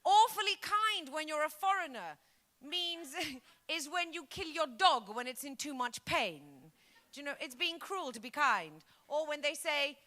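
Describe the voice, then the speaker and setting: Punchy Greek woman comic, high bright voice. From Greece. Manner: lively, punchy, acts out bits. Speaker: stand-up comedian. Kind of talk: stand-up comedy set. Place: comedy stage before a live audience.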